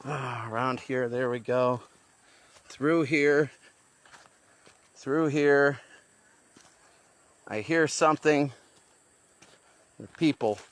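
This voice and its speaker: A man's voice: mid-range voice, extremely slow, pauses often. A man vlogging as he hikes through the jungle outdoors, thinking aloud as he goes. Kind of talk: talking to camera while hiking. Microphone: handheld phone.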